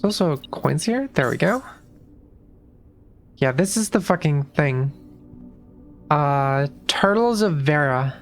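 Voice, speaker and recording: A woman's voice: low-pitched, expressive, slow, pauses often, faint music behind. A woman streaming a puzzle game, talking through her moves in loose, casual commentary and restarting her sentences often. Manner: thinks aloud, restarts sentences, swears casually.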